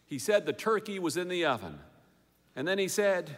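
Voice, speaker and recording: A man's voice: high voice, very animated, moderate pace, fairly bright tone, slight background noise. A man reading a humorous story aloud with dry, wry narration. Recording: long hall reverb.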